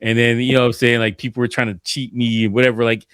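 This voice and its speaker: A man talking easily in a casual podcast conversation, at a middle pitch. He laughs often and slips into little quoted bits of what he used to think. The sound is close and dry. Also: flat delivery, quick pace, fairly bright tone, clear, resonant tone, no room sound. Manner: laughs often, acts out his own past thoughts in quotes. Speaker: DJ and producer.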